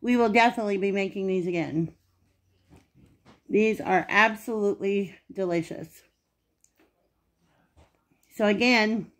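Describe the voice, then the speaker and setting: A woman hosting a casual home cooking video, chatting homely to viewers and sometimes talking with her mouth full. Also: medium pitch. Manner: chatty, homey, talks while eating. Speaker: cooking channel host. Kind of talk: casual cooking vlog talk.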